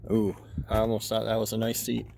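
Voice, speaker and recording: A man's voice: lowish voice, monotone, a little fast, vocal fry, darkish tone, slight background noise. A man giving casual walk-around commentary at an outdoor junkyard, muttering running remarks to himself as he browses. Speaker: car hobbyist vlogger.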